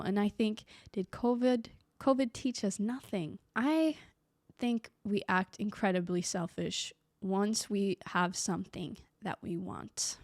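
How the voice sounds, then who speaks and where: A young woman from Sweden talking casually to the camera, reflective and animated, acting out the people she quotes. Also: medium pitch, dry recording, clean studio sound. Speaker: vlogger.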